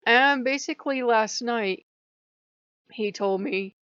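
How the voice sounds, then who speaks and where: This spiritual vlogger's voice is medium-pitched and fairly bright, at normal speed, captured in a dry, dull lo-fi recording. She tells a rambling story in a casual way, quoting and performing remembered conversations.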